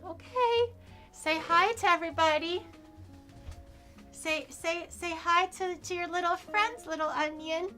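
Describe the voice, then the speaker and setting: A playful woman streamer chats with her viewers in a high, bright voice. She is excitable and quick to squeal or laugh, and faint music plays behind her. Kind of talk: casual live-stream chat.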